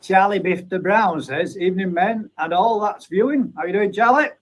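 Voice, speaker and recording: A man's voice: high voice, moderate pace, low-quality recording. A man hosting a live chat stream. He reads out viewer comments and banters with his guests in a casual way. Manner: chatty, banters and reads names aloud.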